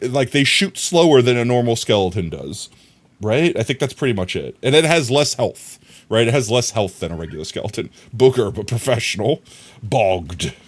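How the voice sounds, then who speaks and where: Man, livestream gameplay commentary, rambling self-talk, chatting to viewers, animated, lively pitch. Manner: rambling, self-talking, laughs often.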